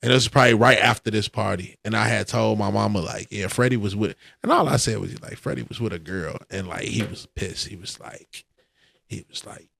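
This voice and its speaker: A man telling a profane, animated story in a casual podcast chat. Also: fairly low pitch, a little fast, vocal fry, no echo. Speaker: podcast co-host.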